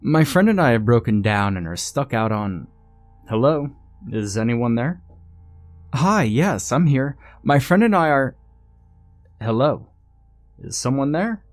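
A man voicing a panicking young woman stranded on a dark road, pleading and frantic. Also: medium pitch, sing-song, a little slow, pauses often, no echo, faint music behind, voice pushed up.

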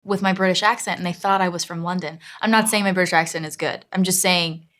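A woman's voice: lowish voice, fairly even intonation, fast talker, a bit bright. A young woman with an American accent, from Miami, chatting as a guest in an interview with a giggly, rambling manner. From Miami, Florida. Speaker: actress guest. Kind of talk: casual interview chat.

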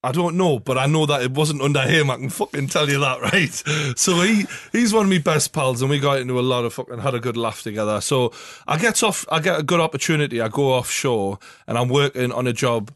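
A man's voice: medium pitch, brisk, hardly any pauses, fairly bright tone, no echo, studio quality. Sweary Geordie man telling stories. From North East England. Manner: swears heavily, rambling anecdotes. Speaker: podcast host. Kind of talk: casual storytelling chat.

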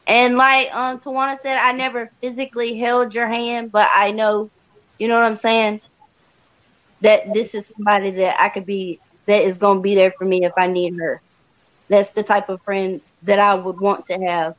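A woman giving a tribute on a casual livestream, her voice sitting mid-range. She rambles and pauses with frequent fillers while she searches for what to say. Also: medium pitch, little pitch movement, fairly bright tone, dry recording, poor audio. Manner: rambling, halting, sentimental with fillers.

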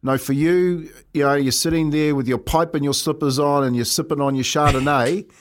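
A man's voice: on the high side, fairly even intonation, fairly quick. A man with a New Zealand accent co-hosting a radio show, upbeat and encouraging. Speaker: radio co-host. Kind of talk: radio chat.

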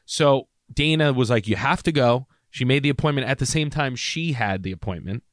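A man's voice: medium pitch, a little fast, no room sound, studio quality. A man in his thirties, co-hosting a podcast and telling a story in casual chat, acting out the people he quotes. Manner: animated, acts out quoted voices. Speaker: podcast co-host.

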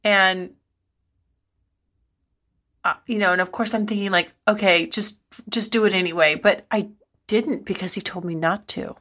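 Bright-voiced woman telling frank stories. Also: medium pitch, steady tone, unhurried, pauses often. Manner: frank, breathless, laughs often, rambling restarts. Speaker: podcast host. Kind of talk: candid personal storytelling.

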